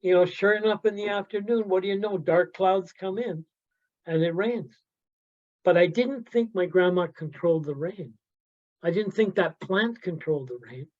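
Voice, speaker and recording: A man from the Yukon telling personal stories in a halting way, often asking "right?" and adding "you know" as he goes. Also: high-pitched, darkish tone. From Yukon, Canada. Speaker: workshop storyteller. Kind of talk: personal storytelling talk. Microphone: video call. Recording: slightly dull video-call audio.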